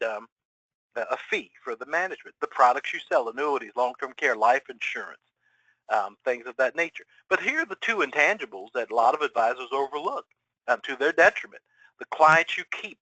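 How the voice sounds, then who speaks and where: A middle-aged man giving a webinar presentation to financial advisors, energetic and full of rhetorical questions. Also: medium pitch, dry recording, low-quality recording. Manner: energetic, rhetorical questions, acts out quoted clients.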